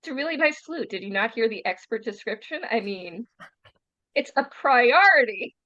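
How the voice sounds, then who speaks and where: A woman guest player gushes playfully at the game table. Her voice is fairly high and dry, and her mic sounds dull and lo-fi. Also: lively intonation, moderate pace, bright, forceful tone, dry recording. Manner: gushing, playful. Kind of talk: casual play chat.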